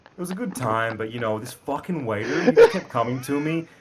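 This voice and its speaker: A man putting on a clumsy, crude American accent for a story, pitched up from his own voice. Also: animated, a little fast, crowd noise, natural voice. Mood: mock American. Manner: gruff, crude storytelling with swearing. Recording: noisy home recording.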